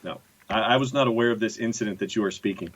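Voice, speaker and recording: A man's voice: lowish voice, quick pace, a bit bright, muffled recording. A man co-hosting a sports podcast, reading listener comments and replying tersely in a laid-back way. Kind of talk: casual sports chat.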